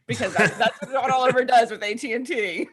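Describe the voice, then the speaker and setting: A woman's voice: on the high side, fairly quick, a bit bright. A woman playing a tabletop game, chatting casually. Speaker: player.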